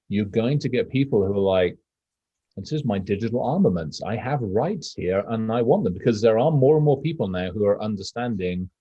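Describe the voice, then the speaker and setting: A low-voiced man with a husky, dark tone, co-hosting a casual podcast. He rambles in a profane, animated way. The sound is dry and a bit muffled. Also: no echo. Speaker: podcast co-host.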